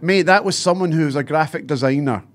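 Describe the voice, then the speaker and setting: Teasing podcast host, high voice. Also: male voice, fast. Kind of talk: casual podcast hosting.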